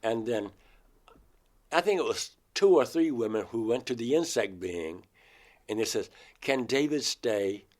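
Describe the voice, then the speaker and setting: A man's voice: mid-range voice, lively intonation, moderate pace, pauses often, a little mellow. A man from Georgia in the United States, an interview guest vividly and emotionally retelling a personal experience. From Georgia, USA. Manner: emotional, vivid retelling, acts out his own words.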